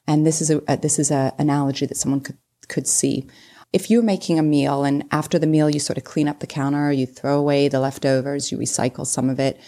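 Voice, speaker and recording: A woman's voice: low voice, dark tone. A woman in her mid forties, a podcast guest, explaining health ideas in a casual, enthusiastic way and building simple analogies. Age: 40s. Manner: explanatory, uses analogies, giggly asides. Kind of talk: casual interview chat.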